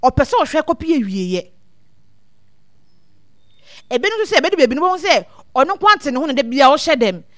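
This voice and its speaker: Guest expert, woman, high voice, dry close sound, earnest and repetitive. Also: sing-song, a little fast, long pauses, no room sound. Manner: earnest, repeats words as she thinks. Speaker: guest speaker on child welfare. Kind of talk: casual advice talk mixing two languages.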